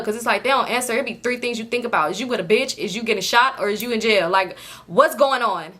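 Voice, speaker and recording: A young woman vlogger spinning a story in a lively, slang-filled, exasperated voice. Her tone is bright and sharp, pitched a bit high. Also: quick pace. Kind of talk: storytime vlog.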